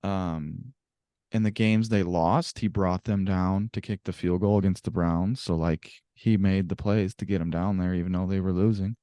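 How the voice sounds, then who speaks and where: A man co-hosting a casual sports podcast, animated and swearing freely as he tells stories. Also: low-pitched, moderate pace, clear, resonant tone, no room sound. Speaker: podcast co-host.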